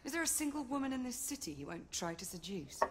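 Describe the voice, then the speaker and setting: An actress voicing a sharp-tongued noblewoman knight, dry and sardonic. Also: fairly high pitch, very animated, quick pace.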